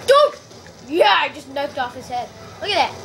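A woman giving live commentary while playing a shooter game, excitable and often yelling and squealing at the action. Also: high-pitched, fairly quick, soft background music. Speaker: gameplay video maker. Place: at home playing a video game.

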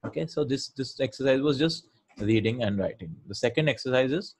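Guy teaching arabic online, explains things slowly and patiently, keeps asking the students questions. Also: mid-range voice, animated, a little mellow, slight background noise. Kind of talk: online language lesson.

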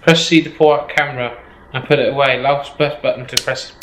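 Jittery, swearing gamer. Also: male voice, medium pitch, steady tone, fairly quick, a bit bright, reverberant, slight background noise, low-quality recording. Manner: jittery, swearing, keeps repeating himself. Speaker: gameplay streamer. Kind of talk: horror game commentary.

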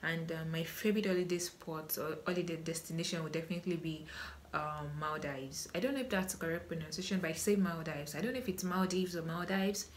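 A woman's voice: deep voice, fast, slight background noise. A young Nigerian woman with a Nigerian accent, chatting casually through a Q&A vlog with many ums and restarts. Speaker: vlogger.

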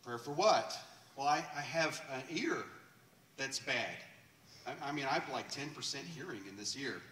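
A man's voice: mid-range voice, expressive, normal speed, a bit bright, lightly acted. A man in a church voicing a hesitant woman who stumbles over her words as she asks for prayer. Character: troubled woman asking for prayer. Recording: echoey church room, distant mic.

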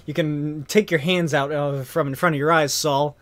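A man's voice: fairly high pitch, steady tone, normal speed, soft background music. A man hosting a let's play, giggling and teasing his friend in casual chat.

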